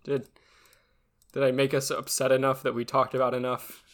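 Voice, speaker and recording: A man co-hosting a podcast in casual chat, halting and often repeating his words. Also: medium pitch, monotone, fairly bright tone. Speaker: podcast co-host.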